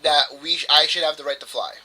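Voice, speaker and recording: A man's voice: a little high, steady tone, quick pace, bright, forceful tone, poor audio. A man co-hosting a casual podcast, arguing in a heated, profane, mock-lecturing way. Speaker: podcast co-host. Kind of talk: casual argumentative podcast chat.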